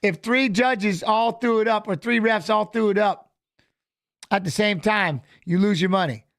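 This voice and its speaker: A man giving casual live commentary on a fight as a watch-along host, animated and coaching the fighters aloud, repeating phrases. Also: high-pitched, measured pace, dry recording, clean studio sound.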